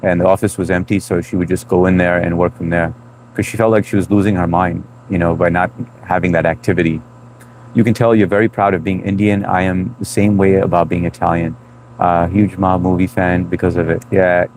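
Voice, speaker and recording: A man's voice: low-pitched, little pitch movement, fairly quick, darkish tone, a little hiss or hum. A man in his thirties hosting a live stream, chatting loosely and greeting viewers by name. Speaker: livestream host reading chat. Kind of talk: casual live chat.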